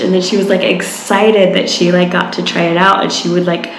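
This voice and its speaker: A woman's voice: fairly low pitch, little pitch movement, brisk, gravelly, reverberant, slight background noise, low-quality recording. A woman from Utah talking casually while out on a walk, rambling with lots of fillers and restarts. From Utah, USA. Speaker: travel vlogger. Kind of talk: casual walking vlog. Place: outdoors on a walk.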